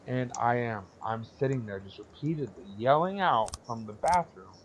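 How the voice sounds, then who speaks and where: A young man talks slowly and bluntly, swearing freely as he rambles through a story in casual podcast chat. His pitch sits in an ordinary middle range, and there is a faint hiss behind him. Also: animated, dull audio. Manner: blunt, profane, rambling with laughs. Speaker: podcast co-host.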